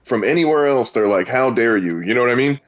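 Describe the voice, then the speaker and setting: A man's voice: medium pitch, animated, quick pace, dull audio. A man on a stream call speaking emphatically and with irritation in casual chat. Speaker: stream participant.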